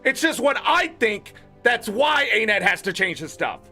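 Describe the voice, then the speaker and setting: A man's voice: high voice, sing-song, normal speed, bright, forceful tone, soft background music. A man giving blunt, opinionated commentary on game patch notes as a gaming content creator, swearing freely.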